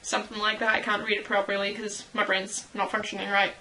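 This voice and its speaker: A woman's voice: medium pitch, completely flat delivery, a little fast, pushed and bright, a little hiss or hum, poor audio. A young woman vlogging casually as a fan, rambling and giggling at herself. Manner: giggly, rambling, self-deprecating. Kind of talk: casual chat.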